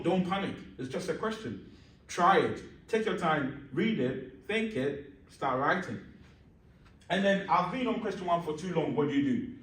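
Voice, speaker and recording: A teacher giving a lesson on exam stress, asking questions and answering them himself, often checking that the class follows. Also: male voice, fairly high pitch. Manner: repeats points emphatically, checks understanding. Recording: roomy echo, mic at a distance.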